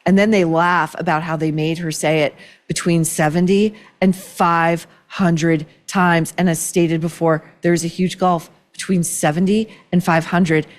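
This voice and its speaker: A woman's voice: fairly low pitch, steady tone, measured pace. A woman hosting an opinion commentary show, talking in a sarcastic, indignant, worked-up way. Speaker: podcast host.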